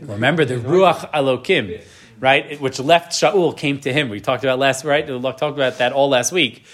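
The man's medium-pitched voice keeps a moderate pace as he teaches Torah, reading verses aloud in Hebrew and explaining them in English. Animated throughout, he repeatedly asks "right?" to engage his students.

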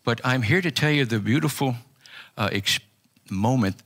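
An older man preaching an earnest personal testimony sermon, halting often with restarts. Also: medium pitch, a bit bright, breathy edge. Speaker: pastor.

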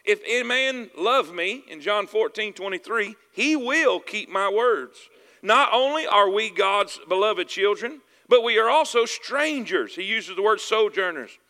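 High, bright Southern preacher in a hall. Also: male voice, animated, measured pace. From Southern United States. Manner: calls for "amen" and "y'all with me", repeats phrases for emphasis. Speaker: pastor. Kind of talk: sermon.

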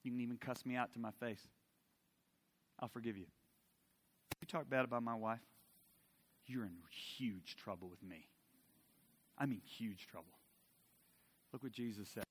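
A middle-aged man preaching a sermon, swinging from loud emphasis to soft intimacy and asking the audience direct questions. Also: mid-range voice, measured pace, long pauses, big-room sound.

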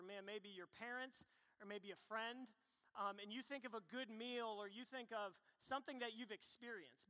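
A man preaching a sermon, telling personal stories and acting out his younger self in an animated way. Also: sits high. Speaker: pastor. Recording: long hall reverb.

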